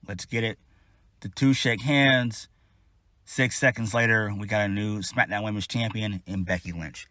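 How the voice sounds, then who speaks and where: A man's voice: on the low side, steady tone, measured pace, pushed and bright, dry recording, studio quality. A man giving a casual solo wrestling review, blunt, exasperated and profane.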